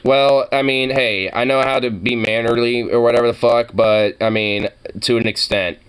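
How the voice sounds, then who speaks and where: A man's voice: medium pitch, steady tone, normal speed, fairly bright tone, smooth. Rambling, profane man from Oregon. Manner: rambling, profane, laughs a lot. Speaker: reaction video host. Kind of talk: casual reaction commentary.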